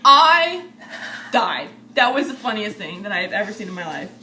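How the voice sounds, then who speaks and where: A woman's voice: mid-range voice, big pitch swings, moderate pace, distant mic. A young woman vlogger eagerly retelling a story to her friends, laughing often as she talks. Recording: echoey room with faint noise.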